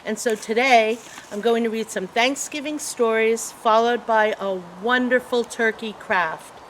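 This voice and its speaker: A woman's voice: a little high, a little slow, a little hiss or hum. A woman librarian reading picture books aloud at a children's storytime, asking the children questions. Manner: animated, asks children questions.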